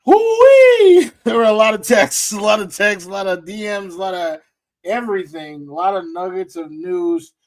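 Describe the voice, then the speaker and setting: A man's voice: high-pitched, steady tone, moderate pace. A man co-hosting a casual sports talk show, loose and playful, repeating phrases for effect. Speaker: podcast co-host.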